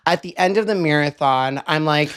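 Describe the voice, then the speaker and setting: A man's voice: fairly high pitch, normal speed, fairly bright tone, clean tone. A young man co-hosting a podcast, telling a story in a casual, rambling way full of "like". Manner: rambling storytelling with many likes. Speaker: podcast co-host. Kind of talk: casual chat.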